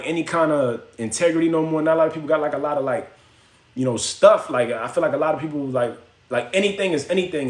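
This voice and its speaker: A man hosting a phone livestream, telling a story in casual slang and acting out the voices of the people in it. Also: fairly high pitch. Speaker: livestream host. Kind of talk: casual storytelling to live chat. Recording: echoey room.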